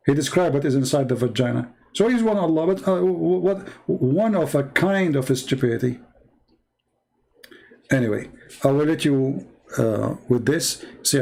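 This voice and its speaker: This man runs a live-streamed religious debate against a caller, laughing at his opponent, mocking him sarcastically, and driving his arguments home by emphatic repetition. His medium-pitched voice is gravelly with a warm tone.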